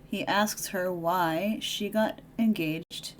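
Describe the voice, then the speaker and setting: A woman's voice: on the low side, fairly even intonation, slow pace, slight background noise. A woman giving a casual movie recap while doing her makeup, chatty and opinionated, with sarcastic asides. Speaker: video creator.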